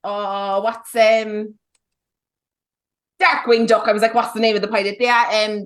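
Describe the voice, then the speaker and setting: A woman's voice: medium pitch, little pitch movement, normal speed. A woman with a nasal voice, gushing enthusiastically as a podcast co-host.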